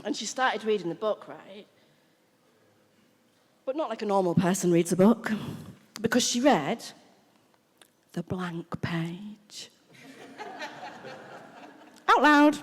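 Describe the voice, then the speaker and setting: A middle-aged woman from the UK, giving a frank, animated recovery testimony as main speaker, laughing, swearing and acting out what people said. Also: medium pitch. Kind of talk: personal recovery testimony told as a story. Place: convention hall. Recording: live talk in a reverberant hall.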